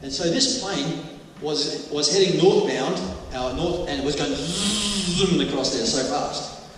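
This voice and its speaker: A man's voice: a little high, measured pace, a little hiss or hum. A man preaching a sermon, telling anecdotes with jokey asides and little voices. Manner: anecdotal, jokey, with bursts of mimicry. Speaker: pastor. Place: church hall. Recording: echoey hall, mic from far off.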